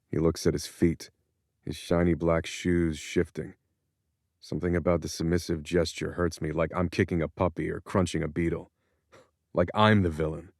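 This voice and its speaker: A man narrating a first-person audiobook in a measured, introspective way, close to a studio mic. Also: deep voice, level tone, darkish tone, dry recording.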